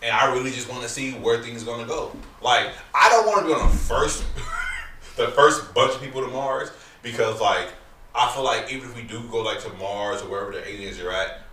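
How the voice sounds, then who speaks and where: A man's voice: mid-range voice, a little fast, sharp tone. A man hosting a casual chat, talking in a loose, joking, slangy way. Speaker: podcast host. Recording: roomy, distant mic with faint hiss.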